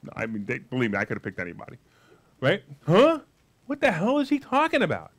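A man giving a live motivational money seminar, brash and jokey, with loud outbursts and quiet asides. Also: mid-range voice, huge pitch swings, fast. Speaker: seminar speaker.

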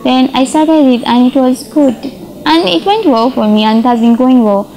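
A woman's voice: high voice, normal speed, mellow, a little hiss or hum, rough recording. A young woman with a Nigerian accent, answering interview questions in a casual way and often ending phrases with "yeah?". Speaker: interview guest, social media performer.

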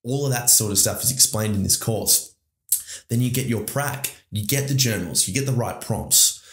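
A man's voice: medium pitch, normal speed, fairly bright tone. A man with an Australian accent hosting a podcast, talking in an enthusiastic, rambling motivational monologue to his listeners. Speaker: podcast host. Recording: roomy echo.

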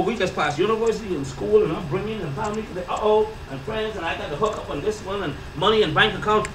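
A woman preacher delivering a sermon, calling out to her congregation and repeating lines for emphasis, swinging between loud and hushed. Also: medium pitch, fast, few pauses. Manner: colloquial, repetitive, emphatic. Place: church or ministry hall. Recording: echoey hall, distant mic, background noise.

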